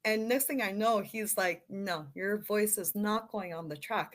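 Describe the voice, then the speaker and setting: On a podcast, a Canadian model in middle age tells stories with few pauses, her voice medium in pitch and moderate in pace. She keeps the casual chat light, making fun of herself and laughing easily.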